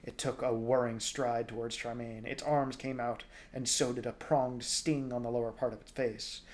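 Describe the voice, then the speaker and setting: Man, young adult, casual storybook reader, relaxed delivery, mid pitch. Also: normal speed. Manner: relaxed, informal, jokes at stumbles. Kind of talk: reading a novel aloud.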